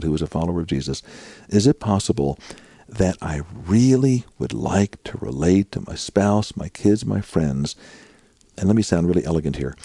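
A middle-aged man, a guest author, earnestly explaining prayer in a conversational interview and getting animated when he acts out prayers. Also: low-pitched, gravelly, husky, no echo.

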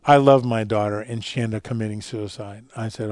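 Earnest man with a dark, dry voice. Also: fairly low pitch, steady tone, fairly quick, no echo. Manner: earnest, storytelling, drops quiet for emotional parts. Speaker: guest speaker on fatherhood and faith. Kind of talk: conversational radio interview.

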